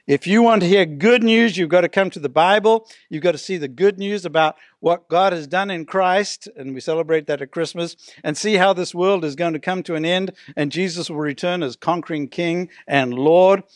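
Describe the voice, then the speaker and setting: An older man preaching a sermon as pastor, stretching out key words and dropping to a hush at the ends of phrases. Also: high-pitched, normal speed, few pauses, dry recording, studio quality.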